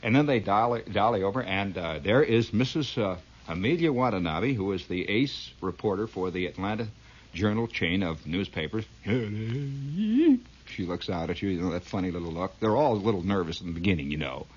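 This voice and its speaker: A man's voice: fairly low pitch, lively intonation, moderate pace, slightly rough. Rambling, laughing comic storyteller man. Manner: rambling, laughing at his own tale. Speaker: comedian. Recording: dull lo-fi old recording.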